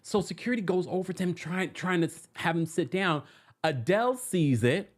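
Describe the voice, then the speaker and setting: Animated, dramatic pop culture host. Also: mid-range voice, moderate pace. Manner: dramatic and animated, laughs often. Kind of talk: casual pop culture commentary.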